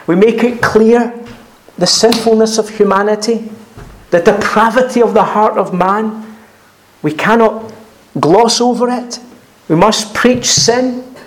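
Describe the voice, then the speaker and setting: A man preaching an expository sermon, earnest and emphatic, pausing often, repeating phrases and quoting scripture. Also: sits high. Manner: frequent pauses and restarts, clears throat.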